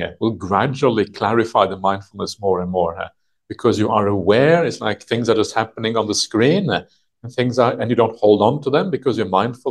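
A man teaching a retreat group as a monk, explaining a text patiently in a halting way full of "uh" and "yeah". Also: lowish voice, breathy edge. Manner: halting, thinks aloud, many "uh" and "yeah" fillers. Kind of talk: unhurried dharma talk explaining a text. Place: retreat session with a live audience.

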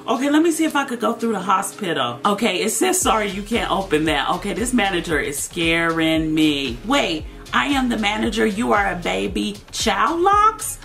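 A woman's voice: medium pitch, very animated, normal speed, gravelly, fairly bright tone, soft background music. A young woman giving playful gameplay commentary, dramatic and laughing as she talks to her viewers. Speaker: gaming video creator.

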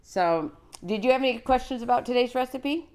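A woman's voice: fairly high pitch, expressive, fairly quick, darkish tone, clean tone. A woman in her sixties hosting a live cooking show, chatty and encouraging, reading out greetings from viewers. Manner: frequent fillers and restarts. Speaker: host of a children's cooking show.

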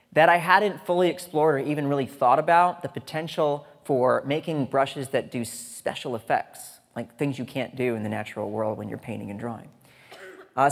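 Gravelly man joking on a stage. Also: mid-range voice. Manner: chatty and joking, with asides to the audience. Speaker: conference speaker. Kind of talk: humorous conference talk. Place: large lecture hall stage. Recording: hall reverb on a stage talk.

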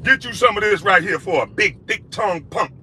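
A former basketball player ranting at someone with insults and mockery. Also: male voice, high voice, lively intonation, fairly quick, bright, forceful tone, a little hiss or hum. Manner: insulting, mocking, profane. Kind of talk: profane rant in a played clip.

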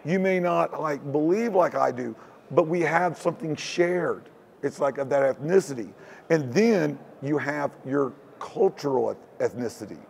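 This Houston native talks in an animated but measured way, his voice on the high side, creaky, and a little mellow, with slight background noise. Interviewed casually on a hacker convention floor, he rambles in looping phrases and says "it's like" often.

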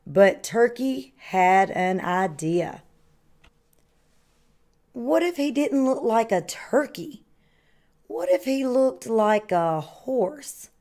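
A woman reads a children's picture book aloud in the measured way of a kindergarten teacher. She takes her time over each line, her voice sitting a little high, and leans into the story's turns for effect. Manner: slow, expressive storytelling. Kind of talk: children's read-aloud narration.

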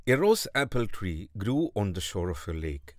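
Male narrator for a kids' fable, slow and deliberate, low and animated. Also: no echo, studio quality. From India. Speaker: storyteller. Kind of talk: scripted storybook narration.

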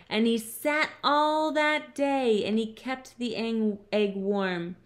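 A woman teacher reading a picture book aloud to her class, with an expressive storytelling delivery. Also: a little high, slow, hardly any pauses. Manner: expressive, putting on character voices.

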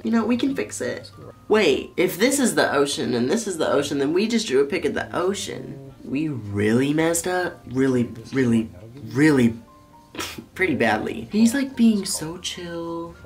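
A young man vlogging while high, excitable and rambling as he paints along and talks to the camera. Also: moderate pace, soft background music. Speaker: YouTuber. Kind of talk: casual vlog commentary.

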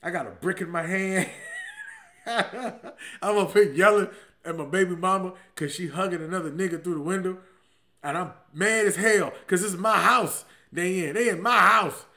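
A man hosting a podcast and telling a personal story in a casual, comic way. He swings from low, mumbled asides to loud outbursts. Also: normal speed. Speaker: podcast host.

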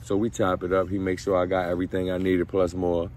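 Low-voiced man telling stories. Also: quick pace, a little hiss or hum. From Baltimore. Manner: profane, slangy and animated. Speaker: vlogger. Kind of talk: casual storytelling.

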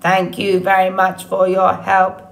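A calm, literal-minded robot speaks in plain, measured sentences, read aloud by a woman. Her delivery is careful and precise, with little colour in the voice. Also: medium pitch, vocal fry.

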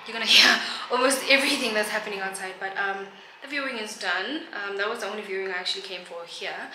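A woman from South Africa, a realtor, chatting casually to camera in a self-mocking way and often out of breath. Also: medium pitch. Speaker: realtor vlogger. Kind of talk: casual vlog talk to camera. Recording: echoey room with loud background noise.

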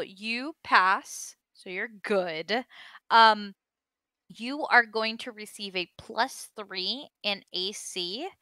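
Woman game master narrating a tabletop session, slow and measured, bright crisp voice. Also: mid-range voice, no room sound. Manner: unhurried, many ums and small laughs.

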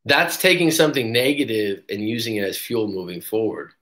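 A man's voice: lowish voice, a little fast. A man working as a breakup coach, talking casually on a live stream and acting out quotes as he tells stories. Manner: casual, animated storytelling with acted quotes. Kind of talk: live-stream book review talk.

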